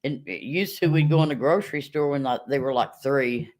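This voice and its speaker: A woman's voice: rumbling low, fairly quick, darkish tone. A middle-aged woman chatting casually with viewers on a livestream, telling stories and laughing often.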